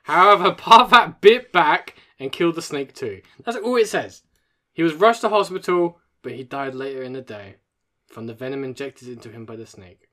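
A man in casual podcast banter, his voice bright and a little high for a man. He swears freely and breaks into laughs mid-story. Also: expressive, normal speed. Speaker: podcast co-host.

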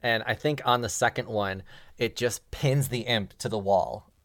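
A man running a tabletop game, narrating at an unhurried pace and chuckling often. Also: on the low side, fairly bright tone, no room sound, studio quality. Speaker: game master.

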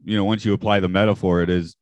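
A man's voice: deep voice, level tone, very fast, darkish tone, dry recording. A man with a slight Southern American accent, chatting on a podcast in a rambling, hesitant way. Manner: rambling, hesitant, laughs at himself. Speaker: podcast co-host. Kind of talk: casual podcast discussion.

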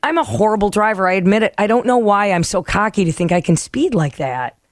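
Animated woman telling stories, dry sound. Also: medium pitch, fairly quick, no room sound. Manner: animated storyteller, acts out quotes, laughs often. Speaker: podcast co-host. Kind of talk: casual chat.

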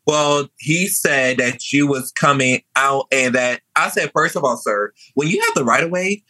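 A young man telling a story in an animated, sassy way, chatting casually. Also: mid-range voice, normal speed, no room sound, low-quality recording. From New Orleans. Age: young adult.

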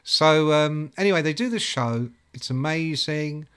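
A man in a casual chat, telling animated stories and acting out other people's voices. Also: fairly high pitch, a little slow, clean tone. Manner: animated storyteller who acts out quoted voices. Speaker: guest recalling music journalism days.

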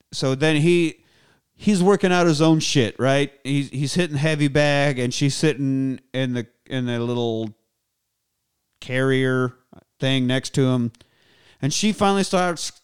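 In a smooth, clean, mid-range voice, a man recaps a film's plot in a loose, profane, animated rant. He keeps it casual, like a podcast host catching his co-hosts up.

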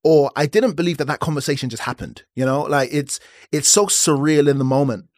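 A man's voice: a little high, a little fast, no echo, studio quality. A man in his thirties hosting a personal podcast, talking candidly and acting out the conversations he recounts. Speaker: podcast host.

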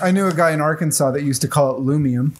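A man's voice: on the high side, fast talker, noisy background. A man co-hosting a podcast, telling rambling stories and laughing often in casual chat. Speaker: podcast co-host.

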